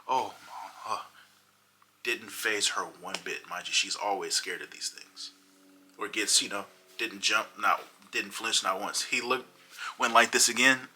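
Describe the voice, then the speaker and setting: A man telling a funny personal story in a casual, animated way. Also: on the low side, a little slow, a little hiss or hum, poor audio. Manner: animated, dramatic retelling. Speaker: vlogger.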